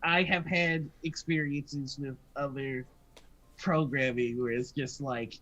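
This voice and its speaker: A man's voice: medium pitch, fairly even intonation, slow, pushed and bright, lo-fi sound. A man hosting a casual livestream chat. He talks in an easygoing way and giggles often. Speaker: host.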